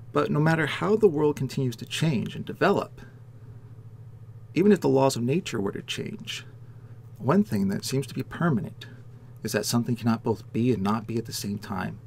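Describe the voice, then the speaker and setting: A man's voice: mid-range voice, creaky, darkish tone, a little hiss or hum. A man lecturing on philosophy, explaining with worked examples and rhetorical questions. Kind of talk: recorded lecture.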